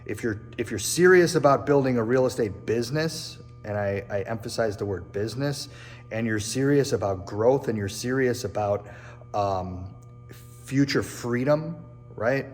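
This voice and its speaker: A man's voice: medium pitch, moderate pace, big-room sound, soft background music. A man hosting his own show, talking earnestly and reflectively to camera, often repeating and restarting phrases, in a machine shop. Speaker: real estate agent and show host. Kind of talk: casual personal talk to camera.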